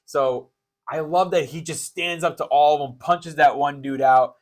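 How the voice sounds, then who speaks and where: A young man co-hosting a podcast, chatting casually and excitedly about a film, rambling with many restarts and fillers. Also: on the high side, normal speed. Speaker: podcast co-host. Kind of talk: casual movie chat.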